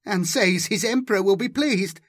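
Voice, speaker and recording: A man's voice: on the high side, animated, measured pace, gravelly, a bit bright, slightly rough, dry recording, clean studio sound, full character voice. Man doing a querulous alien magister. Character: older male alien magister, fretful and wary.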